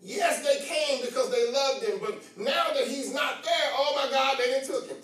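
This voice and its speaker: A man preaching a sermon with impassioned call and response, swinging from hushed talk to shouting. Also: very high-pitched, normal speed, few pauses. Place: church. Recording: very echoey church, voice from far off.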